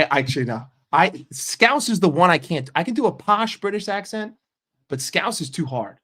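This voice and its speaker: A man's voice: fairly high pitch, lively intonation, moderate pace, fairly bright tone. An American man in a sarcastic, combative rant on a fan stream, swearing often. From United States. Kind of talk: ranting live stream.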